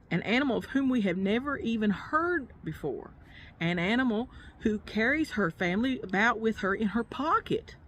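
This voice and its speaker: A woman voicing a fussy, bossy male rabbit in a storybook reading, in a plain, even reading voice. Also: a little high, slight background noise, natural voice.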